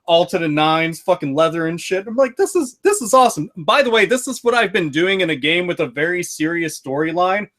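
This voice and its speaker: High-voiced man, excitable and profane. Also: brisk, hardly any pauses. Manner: profane, excitable storytelling with frequent swearing. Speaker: podcast host reviewing a video game. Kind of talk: casual podcast chat.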